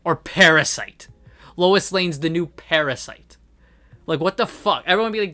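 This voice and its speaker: A man's voice: a little high, animated, moderate pace, pushed and bright, faint music behind. A man reviewing comics in an angry, profane rant, repeating his points for emphasis. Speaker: comic book commentator. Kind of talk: ranting review.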